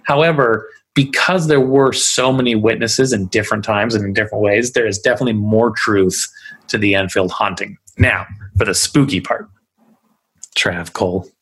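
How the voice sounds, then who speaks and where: A man with a low, husky voice hosts a podcast in a relaxed, rambling way. His delivery is loose and full of fillers. He talks at a studio mic. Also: normal speed. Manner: chatty, loose, lots of fillers. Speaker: podcast host. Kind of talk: casual chat.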